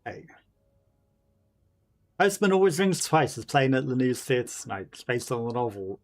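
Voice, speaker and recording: A man hosting a let's play who reads in-game letters and puzzle clues aloud. His voice sits in a middle pitch. He reads haltingly, with fillers and the odd self-correction. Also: big pitch swings. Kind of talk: game commentary, reading in-game text aloud.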